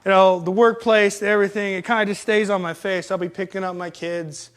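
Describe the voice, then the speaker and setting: A man's voice: high voice, fairly even intonation, fairly quick, fairly bright tone, smooth. A young man telling profane, rambling, self-mocking stories in casual talk. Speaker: storyteller. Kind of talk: casual storytelling. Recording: live stream.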